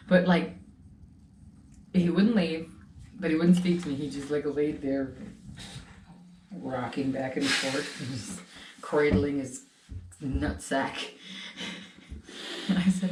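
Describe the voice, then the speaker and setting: A woman's voice: deep voice, unhurried, pauses often. Woman chatting animatedly on a vlog, echoey room, kinda far off. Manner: animated storytelling. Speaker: host. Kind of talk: casual chat. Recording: roomy, a bit far from the mic, faint noise.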